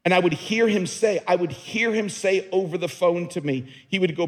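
A man's voice: high voice, expressive, moderate pace, husky. A man preaching a sermon as a pastor, earnest and emphatic, often repeating words as he builds a point. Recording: long reverb of a large hall.

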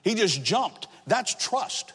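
High-voiced preacher in a reverberant hall. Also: male voice, sing-song, slow, husky. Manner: emotional testimony, rising to shouts. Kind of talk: sermon.

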